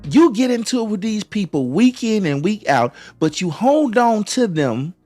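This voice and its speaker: A man's voice: high voice, very animated, moderate pace, dark tone, soft background music. Preachy man talking on a live stream. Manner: preachy, repeats phrases, many restarts. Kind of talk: motivational live-stream talk.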